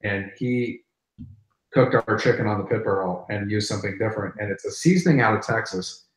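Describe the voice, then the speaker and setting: A man's voice: on the low side, brisk, echoey room, low-quality recording. A middle-aged man hosting a barbecue channel, chatting casually and animatedly, often repeating words as he goes. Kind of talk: casual live-stream chat.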